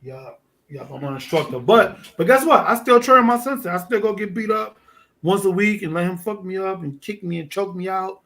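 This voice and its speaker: New man, a bit high-voiced, a guest spinning a gritty story with lots of energy. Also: a little fast. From Fort Greene, Brooklyn. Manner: animated, profane street storytelling. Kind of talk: casual storytelling.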